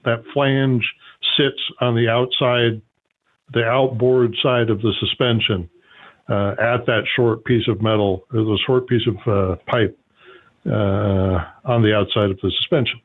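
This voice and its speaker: A man's voice: mid-range voice, steady tone, unhurried. A man hosting a call-in show, explaining things at length with many fillers. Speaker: host. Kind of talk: call-in radio talk. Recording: phone-like narrow sound.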